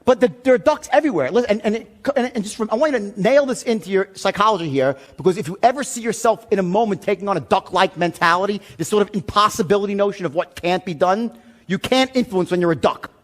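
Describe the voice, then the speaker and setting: A man giving a seminar talk as a sales trainer, telling stories in an animated, profane way. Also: high voice, quick pace.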